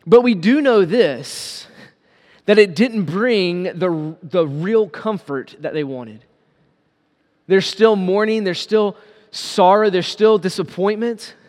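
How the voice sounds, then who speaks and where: High-voiced preaching man in a hall. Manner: earnest, emphatic preaching with repeated phrases. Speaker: pastor. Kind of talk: sermon.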